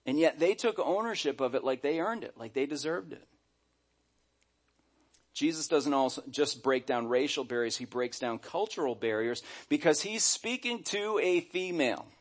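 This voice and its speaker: A middle-aged man delivers a sermon from the pulpit with an animated, storytelling manner, now and then slipping into the voices of the people he quotes. His voice sits a little higher than most men's. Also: normal speed. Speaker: pastor.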